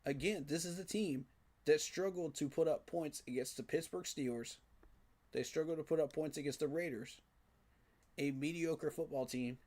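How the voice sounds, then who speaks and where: A man's voice: fairly high pitch, moderate pace, darkish tone. A man giving a frustrated, emphatic postgame reaction rant, repeating his points for emphasis. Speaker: sports fan commentator.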